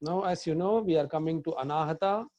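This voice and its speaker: A man, a yoga teacher, slowly guiding a chakra meditation, giving calm breathing instructions and chanting mantras in long tones. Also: fairly high pitch, no echo.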